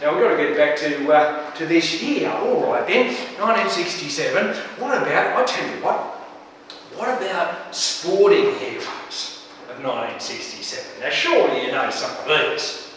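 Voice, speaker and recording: Teasing comic in an echoey hall. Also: male voice, fairly high pitch, big pitch swings, moderate pace, a bit bright. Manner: chatty, teasing, asides. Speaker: stage comedian. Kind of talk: comic stage monologue to an audience. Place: studio. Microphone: distant microphone. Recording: echoey hall from far off, faint noise.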